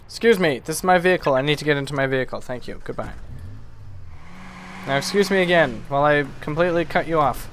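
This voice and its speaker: A man streaming a video game live, chatting with viewers and reacting excitedly and goofily to the play. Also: a little high, fast, slight background noise. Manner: excitable, goofy, talks to chat. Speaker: gaming streamer. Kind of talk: live gameplay commentary.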